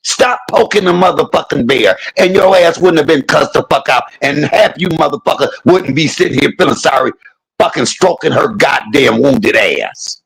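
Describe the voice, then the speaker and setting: A man's voice: a little high, expressive, moderate pace, fairly bright tone, no echo, poor audio. A man in his fifties delivering a heated, profane rant to his viewers, repeating his points for emphasis. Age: 50s. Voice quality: gravelly, husky. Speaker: vlogger. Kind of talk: angry profane rant to camera.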